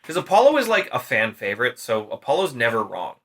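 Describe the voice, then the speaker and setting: A man's voice: mid-range voice, quick pace. A tipsy man casually retelling a myth on a podcast, swearing constantly and acting out the characters' lines. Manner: profane, animated, acts out characters' lines. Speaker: podcast storyteller.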